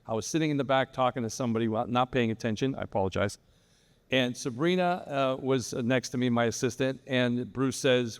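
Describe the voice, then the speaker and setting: Telling a rambling story full of restarts, a man speaks a little fast in a medium-pitched voice. He's on a live real estate panel in a large hall, and the recording carries reverberant room sound.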